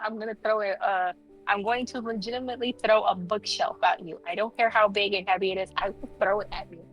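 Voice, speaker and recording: Rambling woman streamer, mid-pitched. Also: fairly bright tone, poor audio. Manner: rambling, full of fillers like "you know". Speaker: guest streamer. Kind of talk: casual livestream chat.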